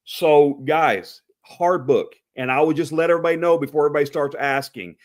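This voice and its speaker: A man's voice: fairly high pitch, brisk. A man with an East Texas accent hosting a live chat show, rambling with lots of fillers and restarts. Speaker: host.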